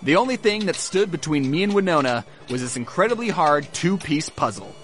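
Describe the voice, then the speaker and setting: Animated, high-voiced man narrating gameplay. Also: brisk, a little hiss or hum. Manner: playful, jokey, talks to his game characters. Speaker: gaming YouTuber.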